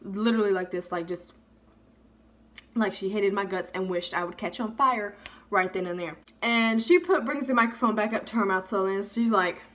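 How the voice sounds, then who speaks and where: A young woman vlogger telling a funny storytime, animated and freely swearing. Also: medium pitch, normal speed. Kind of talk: storytime vlog.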